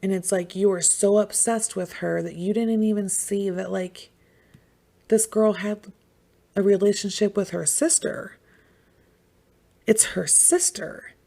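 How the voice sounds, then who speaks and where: A woman's voice: mid-range voice, steady tone, a little slow, gravelly, long pauses, mellow. A woman hosting a podcast, talking casually and emphatically, swearing freely and saying "like" a lot. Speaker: podcast host. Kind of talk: casual true-crime chat.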